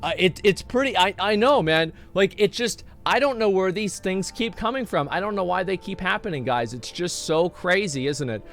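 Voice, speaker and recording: A man's voice: high-pitched, expressive, moderate pace, hardly any pauses, fairly bright tone, faint music behind. A man streaming casually, reacting to a video with exasperated rants and many restarts. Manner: exasperated, ranting, lots of restarts.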